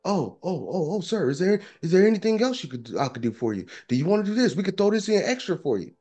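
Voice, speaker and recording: A man's voice: high-pitched, very animated, fast talker, dark tone, soft background music, voice pushed up. A man acting out a construction foreman who turns suddenly fawning and eager to please.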